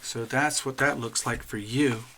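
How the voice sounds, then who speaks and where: Chatty gravelly-voiced man hosting a livestream. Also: medium pitch, unhurried, a little hiss or hum. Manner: chatty, animated, addresses viewers directly. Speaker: astrology livestream host. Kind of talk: casual live-stream chat while drawing charts.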